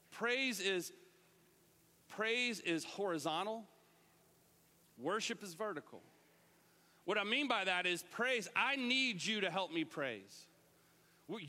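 High, bright-voiced preacher in a hall. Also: male voice. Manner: lively, joking, talks straight to the congregation. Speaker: pastor. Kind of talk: sermon. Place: church sanctuary. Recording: live church sermon with hall reverb.

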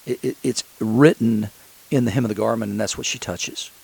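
Man, pastor, sermon, husky, gravelly, conversational with frequent restarts. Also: lowish voice, fairly even intonation, fairly quick, a little mellow, poor audio.

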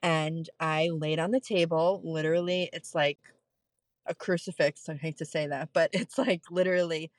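Woman guest, lower voice, dry close sound, candid storytelling, casual chat. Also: normal speed, no echo. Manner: candid, animated storytelling with laughs. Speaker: podcast guest, postpartum nurse.

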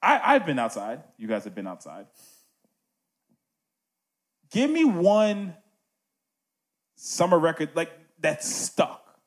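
A man's voice: a little high, very animated, takes it slowly, pauses often. A man hosting a casual music podcast, talking animatedly and checking in with "right?" asides.

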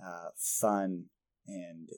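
A man in his thirties co-hosting a podcast, chatting casually and rambling, self-deprecating and quick to laugh. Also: low voice, level tone, a little mellow, no room sound. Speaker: podcast co-host. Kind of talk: casual chat.

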